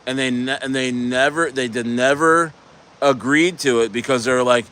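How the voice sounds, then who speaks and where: A man's voice: medium pitch, steady tone, normal speed, a bit bright. A man from New Jersey hosting a livestream in casual chat, rambling with many restarts. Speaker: livestream host.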